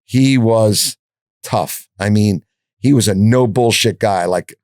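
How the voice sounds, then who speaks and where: An older man in his sixties with a lowish voice tells lively anecdotes as a podcast guest, stumbling over restarts and swearing casually. The sound is dry and close on a studio mic. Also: takes it slowly, no room sound. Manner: animated storyteller, frequent restarts and swearing. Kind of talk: anecdotal storytelling in an interview.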